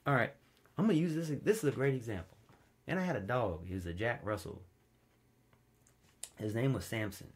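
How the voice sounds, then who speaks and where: A man delivers a sermon like a chat with friends, all "you know" and "man," drawing his listeners into personal stories. His voice sits at a middling pitch, leaping up high and loud for emphasis, then dropping low and hushed when he tells a story. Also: normal speed, pauses often. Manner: informal storytelling, wide swings in pitch and loudness, drops low and quiet for stories. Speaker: preacher. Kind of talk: conversational sermon.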